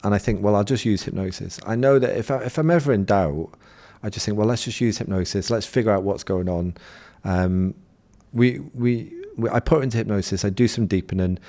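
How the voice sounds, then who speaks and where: Low-voiced man telling a story. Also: brisk, few pauses. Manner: animated, anecdotal, acts out quotes. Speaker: podcast guest, hypnosis coach. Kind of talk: conversational storytelling.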